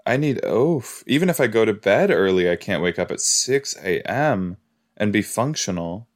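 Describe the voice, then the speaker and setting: A man hosting a podcast, chatting casually as he reacts to a TV episode, easily amused and quick to gasp and laugh. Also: lowish voice, lively intonation.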